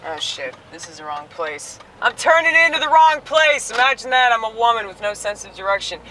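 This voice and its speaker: A woman's voice: a little high, expressive, a little fast, pushed and bright, far from the mic, slight background noise, poor audio. A woman ranting crudely while driving and filming herself on a phone. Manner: brash, profane, rambling. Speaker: online comedian. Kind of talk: casual driving vlog rant. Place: inside a moving car. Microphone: phone camera held while driving.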